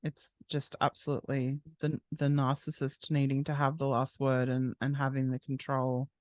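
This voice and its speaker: A man hosting a true crime interview, asking questions and reassuring his guest in a gentle way. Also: medium pitch, monotone, moderate pace, no echo.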